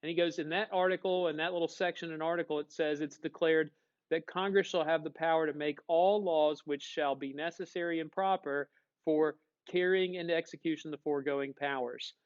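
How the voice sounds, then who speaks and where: Male teacher, casual and animated lecturer, dull lo-fi sound. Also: a little high, fairly quick. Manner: casual, animated, asks the class questions. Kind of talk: classroom lecture.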